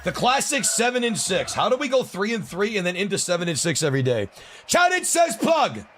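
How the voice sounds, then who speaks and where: A man's voice: high-pitched, animated, fast, fairly bright tone, faint music behind. A young man streaming a game live, ranting with frustration and plenty of swearing as he talks to chat.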